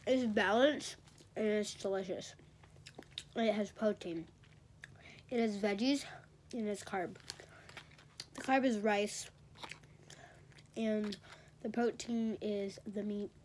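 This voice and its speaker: A woman's voice: mid-range voice, takes it slowly, long pauses, a little mellow, slight background noise. A teenage girl rambling and gossiping in a casual vlog, a bit congested and talking while she eats in bed. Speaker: vlogger.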